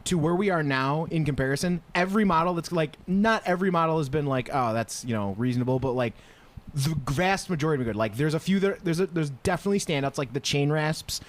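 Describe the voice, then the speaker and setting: A man co-hosting a podcast, talking in sarcastic casual chat with low asides. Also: quick pace. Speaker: podcast co-host.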